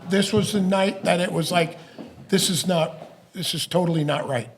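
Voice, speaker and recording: A man's voice: high voice, fairly even intonation, normal speed, slight background noise. A middle-aged man and former hockey player, co-hosting a podcast, chatting casually and chiming in eagerly with laughs. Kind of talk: casual chat.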